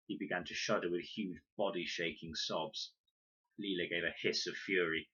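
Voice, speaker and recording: A man reading a children's novel aloud in an expressive, animated way. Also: low voice, normal speed, husky. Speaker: storybook reader. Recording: dull lo-fi recording.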